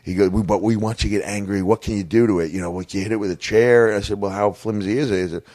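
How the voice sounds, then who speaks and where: A man's voice: lowish voice, quick pace, dry recording. A middle-aged man, a wrestler guest on a podcast, telling stories in casual chat and acting out the voices of the people in them. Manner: animated storyteller who acts out quoted voices. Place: hotel room.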